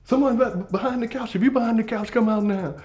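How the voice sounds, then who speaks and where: Guy doing a high squawky lady teacher, scolding hard. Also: quick pace, a little mellow, faint music behind. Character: stern woman teacher, startled and scolding.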